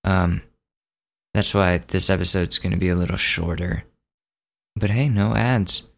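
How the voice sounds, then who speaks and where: A man's voice: deep voice, fairly even intonation, unhurried, gravelly. Rambling young man hosting a podcast. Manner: rambling, self-correcting, acts out quotes. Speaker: podcast host. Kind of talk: casual solo podcast storytelling.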